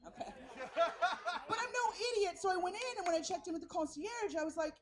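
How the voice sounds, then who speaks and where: A woman from San Francisco doing a brash, profane stand-up set on an outdoor festival stage, telling stories in an animated way. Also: very high voice, fast, a loud crowd. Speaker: stand-up comedian.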